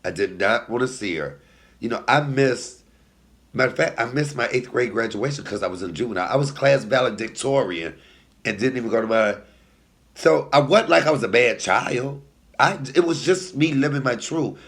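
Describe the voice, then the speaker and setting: A man in his forties telling a personal story as a comedian, sassy and animated, dropping to hushed asides and rising to loud outbursts while talking straight to his viewers. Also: mid-range voice, normal speed. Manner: sassy, laughs at own lines, talks to viewers.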